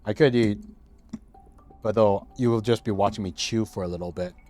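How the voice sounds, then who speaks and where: A man's voice: fairly low pitch, normal speed, soft background music. A man streaming a game, chatting casually and rambling with lots of fillers and restarts, sometimes talking while chewing food, into a streaming microphone. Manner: laughs easily, gets excited at game moments.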